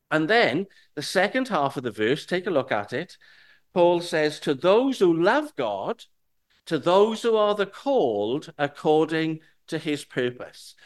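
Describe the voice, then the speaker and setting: A man preaching a sermon, explaining a Bible verse in an earnest, reassuring way and asking rhetorical questions. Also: high voice.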